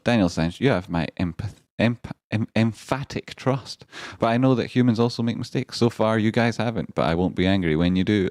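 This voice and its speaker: A man hosting a live stream in a rambling, excitable way, swearing now and then and swinging between grumbling and hype. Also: on the low side, dry recording, studio quality. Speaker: stand-in livestream host. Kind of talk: casual live-stream chat.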